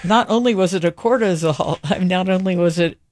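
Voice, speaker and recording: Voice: medium pitch, moderate pace, darkish tone. A radio co-host in casual banter who teases the host and laughs often.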